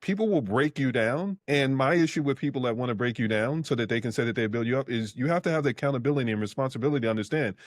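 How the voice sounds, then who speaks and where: A man's voice: medium pitch, dry recording, clean studio sound. A man hosting a podcast interview, speaking earnestly and often murmuring agreement. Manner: quick, earnest, frequent affirming murmurs. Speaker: podcast host. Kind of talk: interview conversation.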